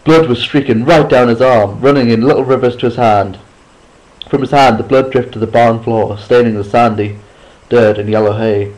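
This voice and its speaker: A man reading a chapter book aloud at a steady pace, sometimes restarting a line after a slip. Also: medium pitch, normal speed, rough recording. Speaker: reader. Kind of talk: amateur audiobook reading.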